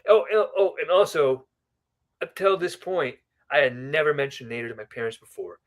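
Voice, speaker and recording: A podcast guest with a fairly high, lively voice tells a personal story at a moderate pace. He's chatty and rambling, with asides, and often ends his remarks with a questioning "right?" to check in.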